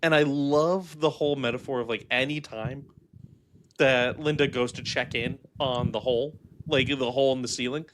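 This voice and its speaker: A young man co-hosting a casual movie review chat, animated and acting out quotes from scenes. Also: medium pitch, moderate pace, a little hiss or hum. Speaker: movie review podcast co-host.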